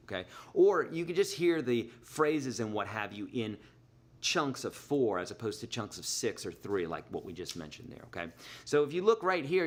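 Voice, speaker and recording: A middle-aged man teaching guitar in a live online lesson, chatty and explaining with everyday examples. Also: mid-range voice. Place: Nashville.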